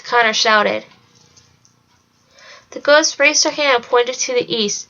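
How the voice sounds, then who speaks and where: A woman reading a storybook aloud in an even, steady way. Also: on the high side, takes it slowly, pauses often, muffled recording. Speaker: reader. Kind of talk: storybook read-along narration.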